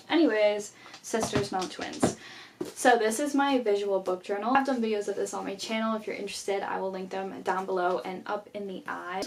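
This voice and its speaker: A woman's voice: mid-range voice, slight background noise. A young woman chatting casually in a vlog, talking about her journals with many "like" fillers. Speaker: YouTuber.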